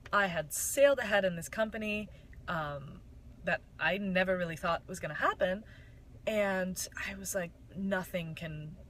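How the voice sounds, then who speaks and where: A woman's voice: on the low side, a bit bright, a little hiss or hum, rough recording. Chatty, candid young woman from Michigan. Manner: chatty, candid, with frequent fillers. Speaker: network marketing seller. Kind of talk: casual personal story.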